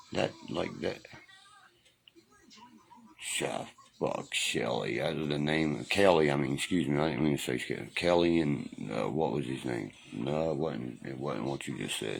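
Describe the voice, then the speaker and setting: A man hosts a casual livestream from home, swearing freely as he reminisces and reads and answers comments. His very low voice is rough with a gravelly fry, and he often gets louder for quoted lines in his loud storytelling.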